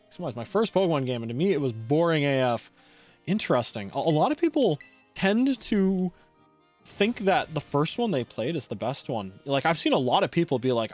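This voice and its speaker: Chatty, lively young-sounding male streamer. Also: on the high side, moderate pace, soft background music. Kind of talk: casual gameplay chat.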